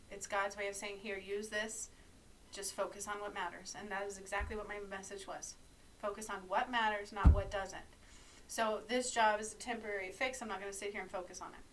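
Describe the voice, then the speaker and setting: A woman's voice: mid-range voice, fairly bright tone, distant mic, slight background noise, poor audio. A woman delivering an urgent, preachy spiritual monologue as a healer speaking to her followers. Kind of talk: monologue to camera.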